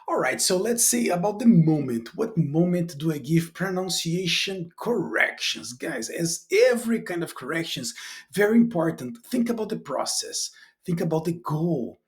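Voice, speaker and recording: Animated, lively-pitched male teacher. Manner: animated, chatty, with playful demonstrations. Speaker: English teacher trainer. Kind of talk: casual video lesson to teachers.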